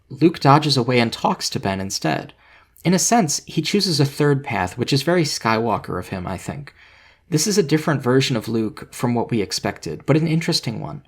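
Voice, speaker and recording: Guy reading his video essay, calm and analytical, middle pitch. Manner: measured, analytical. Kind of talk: scripted video essay narration.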